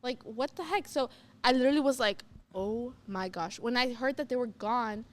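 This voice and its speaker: Young woman co-host, relaxed storyteller who acts out lines; slightly high voice. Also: fairly quick. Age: young adult. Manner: animated, acts out what she said and heard, many "like" fillers. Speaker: youth podcast co-host. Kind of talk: casual storytelling chat.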